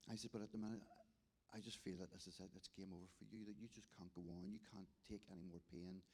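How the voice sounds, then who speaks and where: A restorative justice volunteer from Northern Ireland gives a church testimony, his low, steady voice fast, darkish and a bit breathy. He acts out the dialogue as he tells the story, restarting often.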